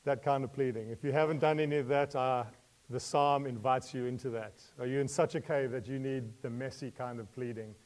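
Preaching a little fast, a man keeps a steady tone at a medium pitch. Between points he laughs gently, questions his audience, and swings from hushed remarks to loud, heartfelt pleas.

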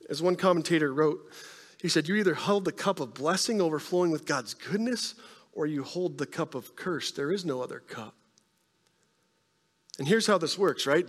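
High-voiced preacher in a reverberant hall. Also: male voice, fairly bright tone. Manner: conversational preaching, frequent "right?" tag questions. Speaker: pastor. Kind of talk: sermon.

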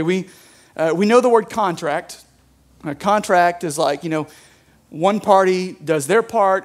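Male pastor, higher register, relaxed conversational sermon delivery with a church mic. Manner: conversational, lots of "like" and "right?".

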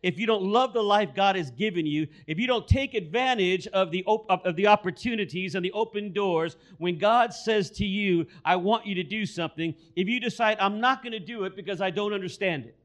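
A man's voice: sits high, fairly quick, few pauses. A man preaching a sermon, telling a story and repeating key phrases for emphasis. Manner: storytelling, acts out quoted voices.

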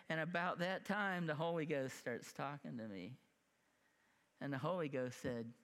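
A preacher in his fifties with a fairly high voice tells a story from the pulpit, acting out each person in it and laughing at his own slips. His voice rings with the long reverb of a church hall. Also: slow, clear, resonant tone. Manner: animated, acts out quoted voices, laughs at himself. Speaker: pastor. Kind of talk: sermon storytelling. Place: church sanctuary.

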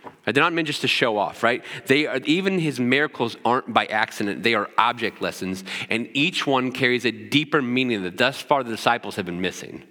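A man's voice: mid-range voice, a little fast, sharp tone, long reverb tail. A man preaching a sermon as pastor, often checking in with "right?" as he teaches. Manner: preaching with frequent "right?" asides.

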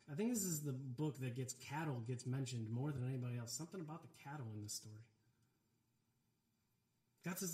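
A man's voice: mid-range voice, moderate pace. A male pastor preaching a sermon in a conversational style, with relatable asides and casual filler words. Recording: roomy, echoey hall.

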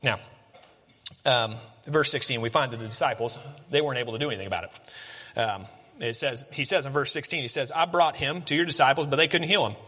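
A man preaching a conversational, animated sermon as a pastor. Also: fairly high pitch, in a large hall.

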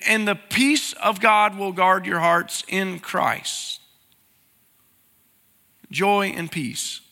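With a high, bright, forceful voice, this man preaches as pastor in a big-room setting. He keeps the sermon conversational, putting plain questions to the congregation.

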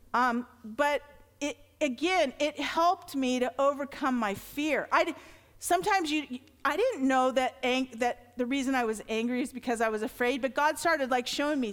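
A middle-aged woman preaches with a high voice, talking to her congregation in a loose, earnest way that rises into emphatic declarations. The sound carries a long hall reverb. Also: normal speed. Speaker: pastor. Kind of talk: sermon.

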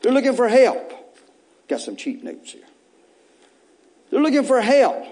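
An extremely high-pitched man, his voice swinging widely in pitch yet a little mellow, preaches an Easter sermon at a measured pace. Through repeated phrases he presses the congregation on, with casual jokes slipped in and surges of heightened intensity.

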